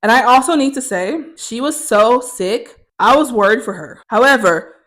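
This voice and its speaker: A woman's voice: a little high, lively intonation, moderate pace, fairly bright tone. A young woman telling a story in a vlog, candid and profane, getting more heated as she goes. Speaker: vlogger.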